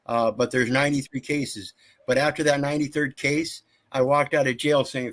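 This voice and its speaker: A man's voice: mid-range voice, fairly even intonation, normal speed, background noise. A man telling his story bluntly and defiantly on a casual video call, swearing freely.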